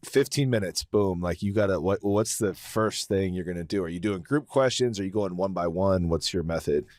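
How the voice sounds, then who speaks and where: A man co-hosts a podcast and asks direct questions casually. His voice sits low, and the sound is dry and close. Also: moderate pace, a little mellow, dry recording. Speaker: podcast co-host. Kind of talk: podcast conversation.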